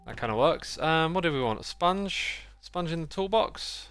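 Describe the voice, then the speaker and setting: A man's voice: fairly high pitch, expressive, normal speed, a bit bright, clean tone, soft background music. A man streaming a game live, chatting and muttering to himself as he plays. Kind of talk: casual gaming livestream commentary.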